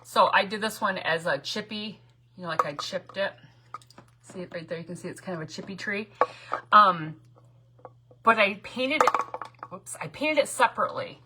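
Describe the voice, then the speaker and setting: A woman hosting a casual crafting livestream from her home craft room, rambling and greeting viewers by name, with hushed asides. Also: mid-range voice, normal speed, pauses often, very noisy. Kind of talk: casual live crafting chat.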